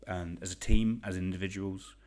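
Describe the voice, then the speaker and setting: Quiz host, young English man, deep voice, casual and chatty, pokes fun at himself. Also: steady tone, moderate pace. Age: young adult. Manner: chatty, self-deprecating, reads shout-outs. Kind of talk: casual quiz hosting livestream.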